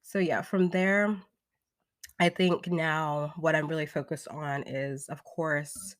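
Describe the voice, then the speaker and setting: A woman's voice: deep voice, steady tone, slow pace, no echo, clean studio sound. A young woman in her twenties, a singer and vocal coach, talking casually and upbeat with lots of fillers, as in a live stream replayed as a podcast.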